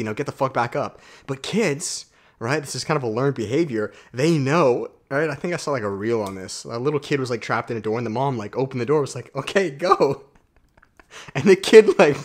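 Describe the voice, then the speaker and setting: A man delivers a self-help monologue straight to camera, blunt and full of swearing. He keeps calling his viewers guys, drops into low asides, then bursts out loud to hammer a point home. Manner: blunt, profane and emphatic, addresses viewers as guys; swings between low asides and loud outbursts. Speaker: self-development YouTuber.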